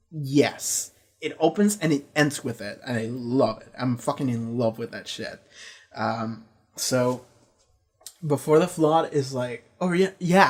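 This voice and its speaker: A man giving a casual, rambling review of a TV season, swearing freely and retelling scenes with quick quoted lines. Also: mid-range voice. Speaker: show reviewer.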